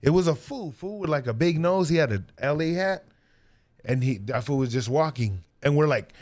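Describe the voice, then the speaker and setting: A man co-hosting a podcast in casual chat, excitable and slangy, swearing and calling people "fool" as he tells a story. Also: on the high side, normal speed. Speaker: podcast co-host.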